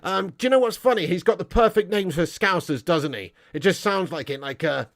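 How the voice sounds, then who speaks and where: A man's voice: sits high, animated, a little fast, few pauses, a bit bright. A man hosting a football livestream, reading out super chats with mocking banter full of "mate" and "lad". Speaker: football channel livestream host.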